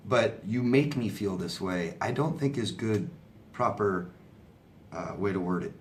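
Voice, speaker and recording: A man's voice: fairly low pitch, animated, measured pace, slight background noise. A man answering viewer questions as a relationship coach, in a conversational, sympathetic way, often asking "right?". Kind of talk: casual advice talk.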